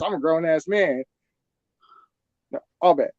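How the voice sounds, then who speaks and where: A young man telling crude, animated stories with lots of swearing in a casual podcast chat. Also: a little high, measured pace, long pauses, no room sound, dull audio. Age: young adult. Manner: crude, animated storytelling with profanity.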